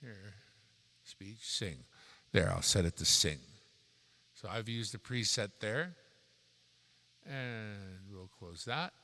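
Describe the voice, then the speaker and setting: A man casually walking through his streaming gear, relaxed and rambling, correcting himself as he goes, into a dynamic microphone. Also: on the low side, slow, pauses often, big-room sound. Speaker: YouTube creator reviewing streaming gear.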